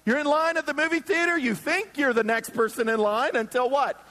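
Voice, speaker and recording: In a church hall with a long reverb tail, a man preaches to a few hundred listeners in an extremely high voice at a fairly quick clip. As a pastor, he jokes animatedly and plays out the characters in his stories.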